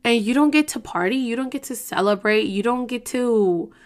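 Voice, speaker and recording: A young woman telling a personal story to her viewers, full of slang and swearing, switching into quick impressions of herself and others. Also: fairly high pitch. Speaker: vlogger. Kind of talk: casual storytelling to camera.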